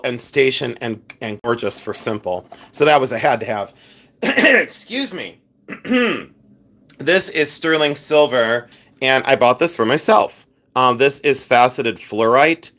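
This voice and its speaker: A man hosting a casual live stream, chatty and animated, showing his flea market jewelry finds and talking to the chat. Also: medium pitch. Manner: chatty, animated, many fillers and asides to chat; clears throat often. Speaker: livestream host selling flea market finds.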